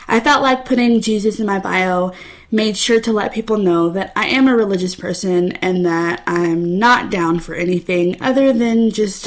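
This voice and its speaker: A woman's voice: mid-range voice, creaky. A young woman in her twenties hosting her own podcast, telling personal stories in a candid, chatty way. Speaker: podcast host. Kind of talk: casual solo podcast talk.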